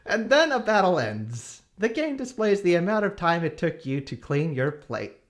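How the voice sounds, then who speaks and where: A man's voice: sits high, very animated, normal speed. A man streaming, reading a long game review aloud with small hesitations.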